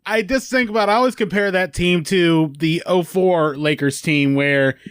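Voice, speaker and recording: A man's voice: sits high, normal speed, fairly bright tone, smooth, dry recording, studio quality. A man hosting a podcast, talking casually with reflective asides. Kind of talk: casual chat.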